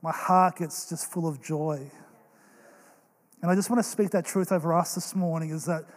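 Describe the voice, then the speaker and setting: A young man delivers a sermon with earnest, animated storytelling. His voice sits high for a man. It rings out with a long reverb in a large church hall. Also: normal speed. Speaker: pastor.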